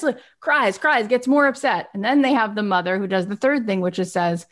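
A woman giving an expressive, animated motivational talk on personal growth. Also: medium pitch, brisk, gravelly, hardly any pauses. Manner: expressive, acts out little scenes.

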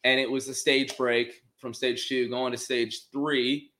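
Bright-voiced man telling a heated story. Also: mid-range voice, unhurried. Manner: animated, swears freely, acts out quotes. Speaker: storyteller among friends. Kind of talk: casual podcast chat.

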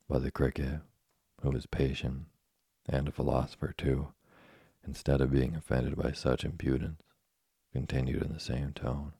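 A man with a husky, gravelly voice giving measured, scripted narration of a storybook. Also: rumbling low, little pitch movement, warm tone, dry recording, studio quality. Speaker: audiobook narrator.

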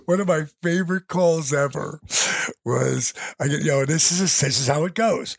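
A man telling stories as an interview guest, animated and laughing as he goes. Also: a little high, measured pace, creaky, husky, no room sound, clean studio sound. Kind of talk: casual storytelling. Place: home.

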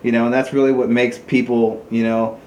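A man telling paintball stories in a casual podcast chat, rambling with many fillers and jumping into high, animated voices when he quotes other people. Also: fairly quick. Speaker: podcast guest, paintball player. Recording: echoey room with faint noise.

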